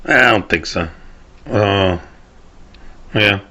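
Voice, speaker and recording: A man's voice: lowish voice, drawn-out words, pushed and bright. A man, ranting loosely on his own show, rambling and swearing, often trailing off and restarting. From Southern United States. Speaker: podcast host. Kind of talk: casual solo rant.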